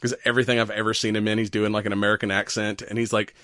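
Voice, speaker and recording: A man's voice: lowish voice, level tone, very fast, sharp tone, dry recording. Man, podcast co-host, casual and profane, laughs a lot, dry close sound. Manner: laughs often, swears, acts out quoted lines. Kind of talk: casual chat.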